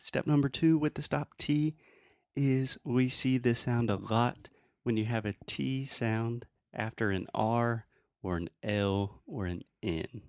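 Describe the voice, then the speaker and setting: Relaxed man teaching pronunciation. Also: mid-range voice, slow, dry recording, clean studio sound. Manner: demonstrates sounds, relaxed and friendly. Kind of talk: casual teaching chat.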